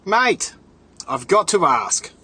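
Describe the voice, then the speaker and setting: A man putting on a loud brash Aussie bloke. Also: high voice, big pitch swings, slow, husky, no echo, voice pushed up, full character voice. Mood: hearty. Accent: put-on Australian. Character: loud Australian man greeting a mate.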